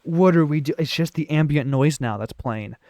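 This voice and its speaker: A man's voice: a little high, normal speed, a little mellow, no echo. A man giving let's-play commentary on a puzzle game, talking to the game and repeating short phrases. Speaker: gaming YouTuber.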